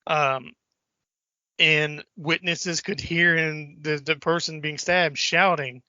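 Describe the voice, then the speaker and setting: Bright-voiced man on a lo-fi podcast. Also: slow pace, dry recording. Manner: animated, acts out movie lines in a high voice. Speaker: podcast co-host. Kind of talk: casual chat. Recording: dull lo-fi podcast audio.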